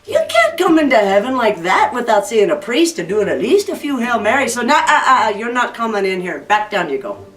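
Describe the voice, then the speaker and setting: A woman's voice: fairly high pitch, very animated, brisk. Woman voicing scolding folksy Saint Peter. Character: stern old male gatekeeper saint. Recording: roomy distant recording, faint music.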